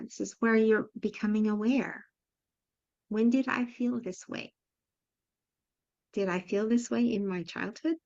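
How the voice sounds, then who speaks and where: Earnest woman coaching parents, gravelly edge. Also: medium pitch, no room sound, muffled recording. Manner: earnest, emphatic, repeats key phrases. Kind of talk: webinar talk to parents.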